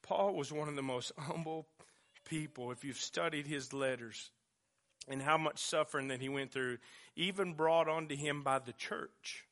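A male pastor, preaching a sermon with passion, dropping to a hush and then rising loud again. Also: fairly high pitch, normal speed. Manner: impassioned preaching, swinging from hushed to loud.

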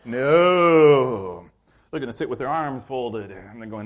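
Pastor guy preaching, acts out the story, kinda high-pitched. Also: a little slow. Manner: animated storytelling, acts out scenes. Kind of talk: sermon.

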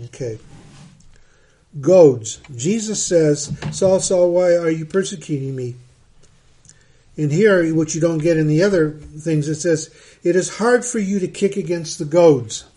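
Man, pastor, middle-aged, warm mellow tone, conversational Bible teaching, repeats words. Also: a little high.

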